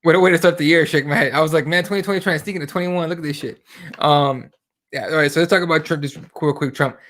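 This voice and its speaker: A man co-hosting a casual show, ranting with heat and plenty of swearing, slipping into impressions of the people he quotes. His voice sits a little higher than most men's. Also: quick pace, fairly bright tone. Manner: heated and profane, mimics voices while retelling. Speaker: podcast co-host. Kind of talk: casual chat about current events.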